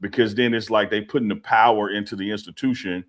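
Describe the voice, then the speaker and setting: A man co-hosting a casual sports talk show, animated and opinionated, repeating himself as he makes his point. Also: lowish voice, quick pace. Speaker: co-host.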